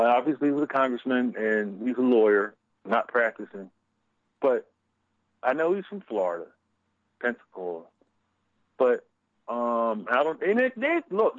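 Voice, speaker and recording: A man's voice: medium pitch, no echo, dull audio. A man with a Philadelphia accent, co-hosting a casual chat, profane and rambling. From US Northeast. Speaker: podcast co-host.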